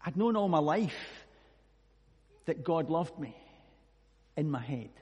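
A man's voice: on the high side, animated, slow, a little mellow, slightly rough, in a large hall. A Scottish man preaching a sermon, telling a personal story earnestly and reading scripture. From Scotland.

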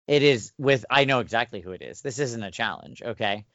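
Male GM co-host, measured and explanatory, mid voice, flat dull sound. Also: mid-range voice, no echo. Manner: thoughtful and explanatory, with restarts. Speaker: podcast co-host and game master. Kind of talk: casual chat about running tabletop games. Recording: dull dry recording.

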